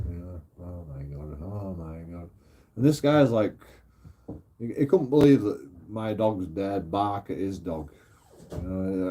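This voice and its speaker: Guy rambling on stream, lowish husky voice, swears a lot, keeps trailing off. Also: mellow. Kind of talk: rambling casual chat.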